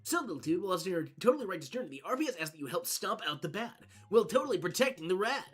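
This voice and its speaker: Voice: medium pitch, husky, soft background music, pitched above the performer's own voice. A streamer voicing King Spore, surfer-dude mushroom king. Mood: stoked. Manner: slangy, excitable, drawn-out surfer speech. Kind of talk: reading game dialogue aloud.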